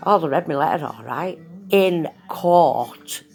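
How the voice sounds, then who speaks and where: A woman's voice: deep voice, animated, slow, creaky, a little mellow, faint music behind. A woman chatting into her phone, telling a story bluntly with plenty of slang and swearing. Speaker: vlogger. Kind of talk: casual storytelling monologue.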